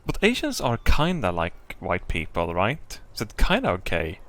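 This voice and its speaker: A man's voice: on the low side, wildly swooping pitch, normal speed. A man streaming a story game, reading the text aloud with crude, joking asides. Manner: loud, crude, laughing asides.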